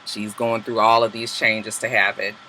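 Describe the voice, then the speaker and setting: A woman, recapping a reality show episode in a profane, sassy, animated way. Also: very deep voice, moderate pace, slight background noise, low-quality recording.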